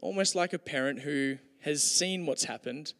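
A man's voice: on the high side, normal speed, fairly bright tone. A man giving a conversational, humorous sermon with storytelling, with hesitations, in a hall with long reverb. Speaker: preacher.

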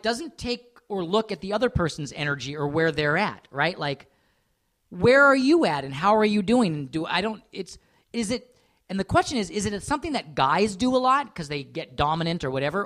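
A man's voice: high voice, a bit bright. Podcast guy rambling and cursing, voice jumps all over the place. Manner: rambling, swearing, self-mocking, slips into put-on voices. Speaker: podcast co-host. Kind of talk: casual chat.

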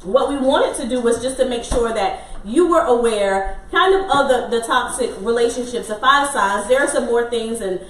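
A woman's voice: fairly high pitch, animated, moderate pace, hardly any pauses, slight background noise. A woman co-hosting a podcast, chatting casually and laughing easily, then speaking earnestly to her listeners. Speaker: podcast co-host. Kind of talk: casual chat. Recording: roomy sound, mic at a distance.

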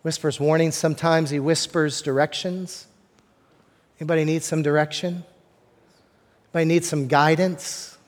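Preaching in a relaxed, conversational way, a fairly high-voiced pastor keeps a level tone and moderate pace, pausing often. He repeats words as a point builds and slips jokes to the congregation, while long reverb from the sanctuary lingers after every phrase.

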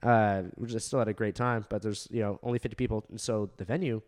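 Talking fast in a fairly low, steady and darkish voice, a young Southern California comedian who co-hosts a podcast spins out a long story. It's casual chat, full of fillers, laughter and cursing as he rambles.

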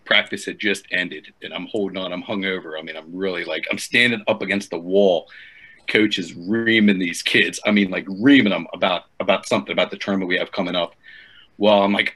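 A man and former wrestling coach telling a profane, animated story in casual chat. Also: sits low, husky.

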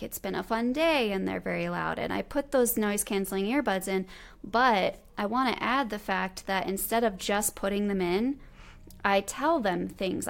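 Gravelly-voiced woman podcast host. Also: medium pitch. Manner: enthusiastic, affirming, chatty. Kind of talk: casual interview chat.

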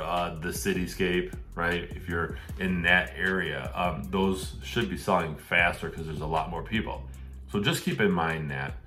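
Low-voiced man hosting a real estate show. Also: a bit bright. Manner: conversational, acts out questions to sellers. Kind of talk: casual advice talk.

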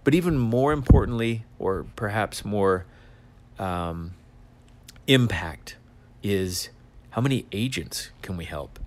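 Energetic man giving a motivational talk. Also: fairly low pitch, takes it slowly, long pauses. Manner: energetic, coaching tone with repeated exhortations. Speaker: insurance agency leader. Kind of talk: motivational talk to sales agents.

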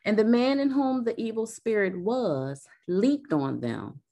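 Slow gravelly woman reading scripture. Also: fairly high pitch, animated, mellow. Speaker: scripture reader.

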